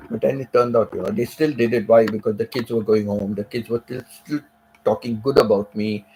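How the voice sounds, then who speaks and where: A man on a live stream telling a personal story in a casual, emotional way, repeating phrases and filling pauses with "you know.". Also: fairly low pitch, fairly even intonation, darkish tone, slight background noise, low-quality recording.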